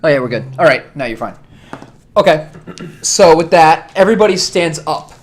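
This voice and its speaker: A man's voice: a little high, expressive, normal speed. A man narrating as game master for a tabletop game, in a casual, chatty way with laughs and fillers.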